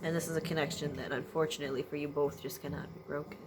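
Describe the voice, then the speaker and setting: A woman's voice: sits low, flat delivery, racing, background noise. A woman giving an emotional late-night energy reading, sniffly and teary from crying, often trailing off and laughing through tears. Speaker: tarot energy reader.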